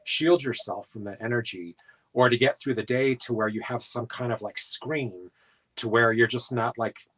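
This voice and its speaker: A man from South Dakota talks about paranormal work in a casual interview. His talk rambles and is full of filler words, at a middle pitch. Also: steady tone, moderate pace, fairly bright tone, poor audio. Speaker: paranormal investigator guest.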